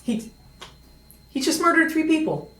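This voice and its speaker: A woman's voice: on the low side, expressive, moderate pace. Sarcastic woman ranting about a book. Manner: sarcastic, exasperated rant with frequent restarts. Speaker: video reviewer. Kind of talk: comedic book review. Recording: echoey room with faint music.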